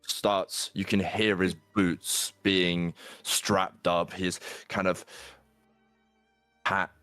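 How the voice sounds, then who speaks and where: A man's voice: sits low, level tone, extremely slow, a bit bright, no echo, soft background music. A man narrating a tabletop horror game as game master.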